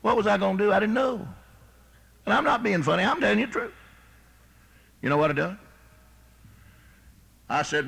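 A preacher man delivering a folksy sermon in a bright, slightly high voice. He swings from plain storytelling to loud, shouted scolding. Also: animated, normal speed, vocal fry, pauses often, husky. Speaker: pastor.

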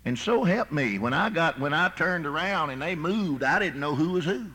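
A man preaching a sermon as pastor, with a folksy manner, rising to shouted emphasis. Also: a little high, animated, moderate pace, slightly rough.

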